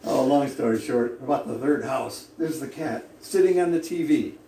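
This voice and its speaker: A man's voice: mid-range voice, moderate pace, mellow. A man preaching to a congregation, telling a funny story with many chuckles and asides. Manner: humorous, chuckling storyteller who digresses. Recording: echoey hall from a distance with faint room noise.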